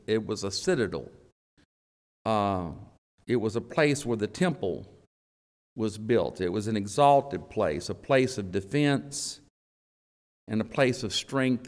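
A man preaching a sermon to his congregation as their elder, emphatic and deliberate, with long pauses between phrases. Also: fairly low pitch. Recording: long reverb of a large hall.

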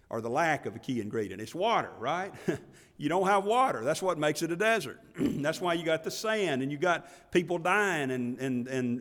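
A man's voice: sits high, a bit bright, in a large hall. A man preaching a sermon in a church, in a folksy, conversational way full of restarts and asides to the congregation. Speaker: pastor. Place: church sanctuary.

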